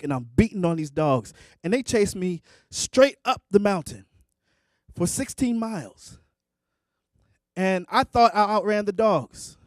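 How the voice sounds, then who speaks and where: A man performing at a concert, telling a vivid story in an emphatic, animated way. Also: high voice, no room sound, studio quality. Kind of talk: live spoken storytelling and singing. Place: concert stage.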